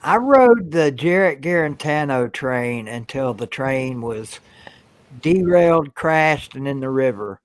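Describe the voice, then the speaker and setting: A man's voice: medium pitch, expressive, slow pace, no room sound. A man co-hosting a casual sports talk stream, speaking earnestly and hesitantly, with repeated starts. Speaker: co-host.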